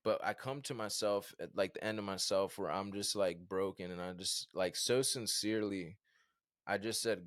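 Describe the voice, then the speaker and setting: A man in his thirties from Virginia, a podcast guest telling a personal story in an animated, casual way with lots of fillers. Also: low voice, moderate pace, no echo, clean studio sound. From Virginia, USA. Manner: animated, conversational, many fillers like "like" and "bro".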